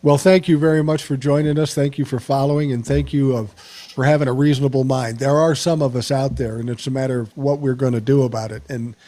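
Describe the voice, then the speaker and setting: A man's voice: medium pitch, fairly even intonation, a little fast, warm tone. An older man hosting a live podcast, talking bluntly and plainly, swearing freely. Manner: blunt, profane, plain-spoken. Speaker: podcast host. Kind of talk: casual live podcast talk.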